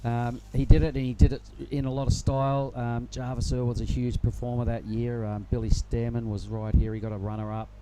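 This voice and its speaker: A man commentating live surfing in a relaxed, rambling way. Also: medium pitch, a little fast, hardly any pauses, very noisy. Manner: relaxed, rambling, many fillers. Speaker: surf commentator.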